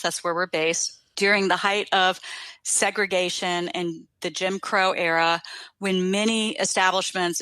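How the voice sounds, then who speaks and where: A woman's voice: mid-range voice, sharp tone, no echo. A woman from Washington, D.C., a company CEO, telling stories with ease as a guest in a casual interview.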